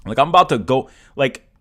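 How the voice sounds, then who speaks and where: A young man hosts a live stream in a casual chat, with a voice that swings wildly in pitch. He talks slowly and stammers, jumping from excited shouts to low mumbles. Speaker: livestream host.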